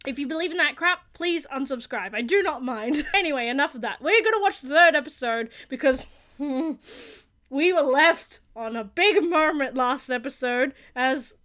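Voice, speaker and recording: High, bright, excitable woman reacting. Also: normal speed. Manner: excitable, shouts and gasps often, apologizes a lot. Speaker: channel host reacting to a TV episode.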